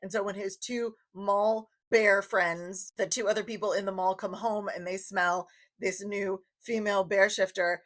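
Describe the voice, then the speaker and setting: Young woman gushing about books, chatty and excited, mid-pitched voice. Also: measured pace, hardly any pauses. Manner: enthusiastic, chatty, repeats phrases for emphasis. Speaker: book reviewer. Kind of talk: casual book review.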